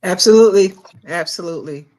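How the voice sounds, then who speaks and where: Low-key woman co-host musing. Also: fast talker, darkish tone. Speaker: podcast co-host. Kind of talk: casual chat.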